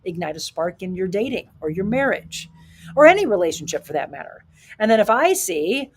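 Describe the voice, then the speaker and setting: A woman's voice: mid-range voice, expressive, fairly quick. A middle-aged woman hosting a live talk show, speaking emphatically with rhetorical questions and reading viewer comments. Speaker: show host.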